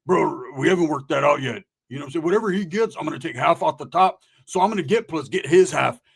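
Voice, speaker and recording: A man voicing his reckless, excitable young friend, slangy and pleading in a comedy story. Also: fairly high pitch, fast, creaky, husky, full character voice. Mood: persuasive. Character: reckless hyped-up young male homie.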